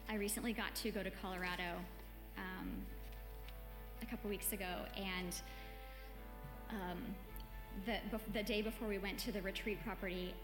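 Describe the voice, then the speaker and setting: A woman giving a chatty, conversational sermon to a church gathering, often saying "like". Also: mid-range voice. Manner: chatty, warm-hearted, peppered with "like". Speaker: church speaker. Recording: echoey hall with long reverb, faint music.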